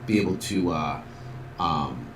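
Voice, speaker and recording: A man's voice: a bass voice, animated, measured pace, background noise. Male instructor, casual screen-tutorial voice, filler-heavy, roomy room tone. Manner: casual, upbeat, many fillers, acts out sales calls. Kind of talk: software walkthrough tutorial.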